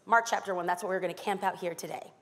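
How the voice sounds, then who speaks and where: A woman pastor from East Los Angeles, California, preaches a sermon in a lowish voice, speaking fast with fairly even intonation. She's emphatic and dramatic, adding playful asides, and the recording carries a long hall reverb.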